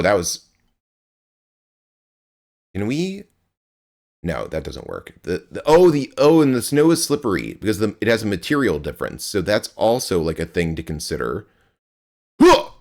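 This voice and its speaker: A young man streaming a game live, chatting with his viewers in a rambling, playful way and grunting as he plays. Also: low-pitched.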